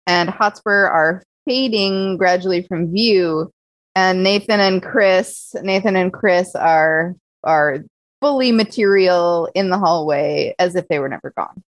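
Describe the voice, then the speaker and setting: A woman's voice: on the low side, a little slow. A woman at a tabletop game who thinks aloud as she plans her next move. She sounds hesitant and full of small stops as she talks it through. The recording is dry, with no room echo. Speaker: player. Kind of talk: casual tabletop play.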